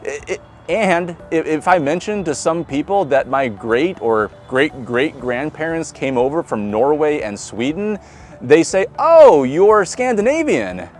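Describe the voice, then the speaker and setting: A man's voice: fairly high pitch, unhurried. A man with a Midwestern accent preaching a conversational sermon, asking the congregation questions as he goes. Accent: Midwestern American. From Nebraska. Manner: conversational, asks the congregation questions, laughs lightly. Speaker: pastor.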